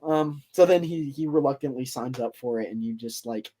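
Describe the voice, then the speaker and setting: A man's voice: mid-range voice, normal speed, dark tone. A man hosting a podcast, retelling a story in a loose, rambling way with lots of fillers. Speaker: podcast host. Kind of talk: casual storytelling chat.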